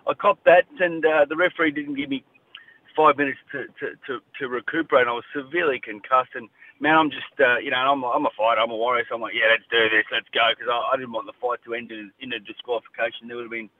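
A man's voice: medium pitch, steady tone, fast talker. A man with an Australian accent, a boxer talking bluntly and repeating himself as a guest in a radio interview. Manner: blunt, repetitive, fired-up. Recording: tinny phone line with faint noise.

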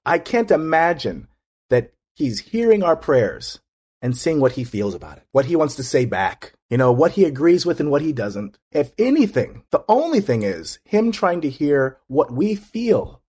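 A man's voice: on the high side, very animated, measured pace, a little mellow, slightly rough. A man as an interview guest, talking in an earnest, reflective way with frequent restarts. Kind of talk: casual conversation.

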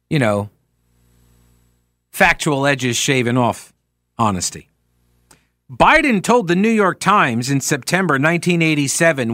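Lively, sarcastic male talk radio host. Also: on the high side, dry recording, studio quality. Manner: sarcastic, mocking.

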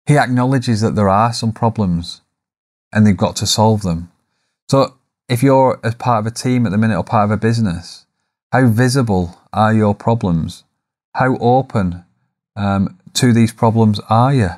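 A man's voice: fairly low pitch, normal speed, a little mellow. A man hosting a solo podcast, talking reflectively in a coaching tone, posing rhetorical questions and adding the odd self-deprecating aside. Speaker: podcast host. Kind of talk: solo business podcast monologue.

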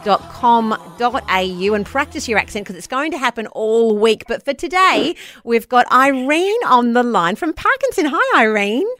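A woman's voice: fairly high pitch, sing-song, moderate pace, few pauses, a bit bright, no echo, studio quality. A woman co-hosting breakfast radio, bubbly and playful, laughing often. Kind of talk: upbeat radio banter.

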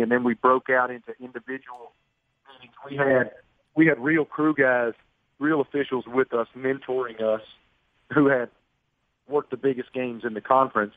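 Brief: chatty man on a tinny phone line, steady mid pitch, storytelling guest. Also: normal speed, dry recording. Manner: storytelling, self-deprecating, chatty. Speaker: sportscaster guest. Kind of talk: phone-in radio interview.

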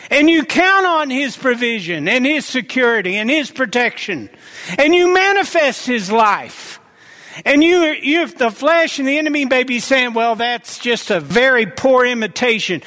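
Male pastor, high bright voice, emphatic exhorting sermon delivery, long hall echo. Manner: emphatic, exhorting preacher, repeats declarations.

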